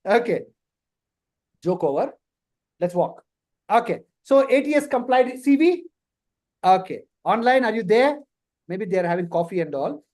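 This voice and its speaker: A man's voice: sits high, animated, normal speed, long pauses, darkish tone. A man with a Telugu Indian accent leads a live online career class in a playful, teasing way, slipping Telugu words into his English. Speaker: instructor leading a career workshop.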